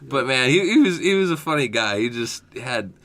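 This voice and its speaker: Bright, upbeat young man telling stories. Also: mid-range voice, expressive, normal speed. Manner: laughs through his storytelling, acts out quotes. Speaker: podcast co-host. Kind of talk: casual chat.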